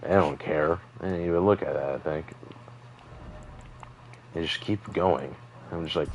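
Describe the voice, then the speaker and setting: A man's voice: sits low, a little slow, long pauses, slight background noise, rough recording. A young man rambling through a personal story while playing a video game, full of fillers and asides. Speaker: gaming streamer.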